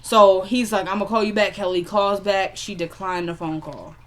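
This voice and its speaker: A woman's voice: mid-range voice, steady tone, moderate pace, a bit bright. A young woman casually recapping a TV episode, chatty and opinionated, retelling scenes by quoting the characters. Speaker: TV episode reviewer.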